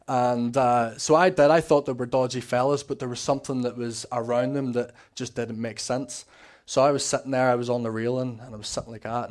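Man telling his testimony. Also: mid-range voice. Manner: rambling and earnest, acting out remembered dialogue. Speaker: speaker giving a personal testimony. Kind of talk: conversational testimony storytelling.

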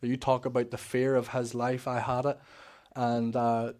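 In a mid-range, monotone voice with a darkish tone and measured pace, a former prisoner gives his faith testimony to a church congregation. His storytelling is emotional and rambling, full of restarts.

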